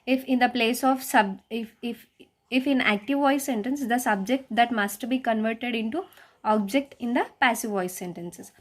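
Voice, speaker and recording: A woman's voice: on the high side, moderate pace. A woman teacher explaining a grammar lesson step by step, asking her class rhetorical questions and often restarting her phrases. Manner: frequent hesitant restarts. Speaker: schoolteacher.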